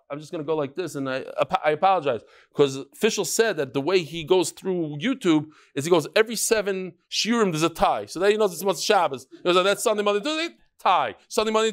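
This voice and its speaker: Middle-aged male Talmud teacher, high voice, lively and joking, mixes in Yiddish and Hebrew. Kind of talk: Talmud lecture.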